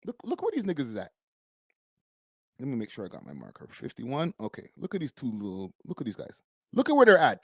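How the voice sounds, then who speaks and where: A man's voice: sits high, no room sound, clean studio sound. A young man from Canada, a streamer host giving a blunt, profane, slangy live-stream reaction.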